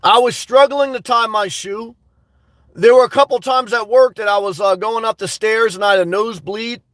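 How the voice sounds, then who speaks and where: A man in his thirties hosting a casual livestream, talking in an animated, profane way with loud outbursts. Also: high-pitched, moderate pace, no echo, clean studio sound. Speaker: livestream host.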